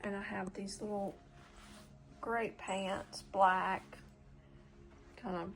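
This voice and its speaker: A woman's voice: mid-range voice, steady tone, slow, vocal fry, poor audio. A woman chatting casually to camera at home, rambling, trailing off and slipping into whispered asides. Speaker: vlogger. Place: at home in front of a mirror.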